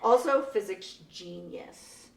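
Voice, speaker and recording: A young woman who teaches math tells a lively classroom story in a casual interview, laughs often and acts out her students' voices. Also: medium pitch, slow, gravelly, crowd noise. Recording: echoey room, mic at a distance.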